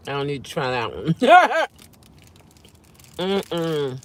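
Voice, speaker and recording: A deep-voiced woman with huge swings in pitch and drawn-out words vlogs from inside her car while she eats. She works as a rideshare driver, and she keeps up a chatty stream of talk punctuated by happy hums over the food.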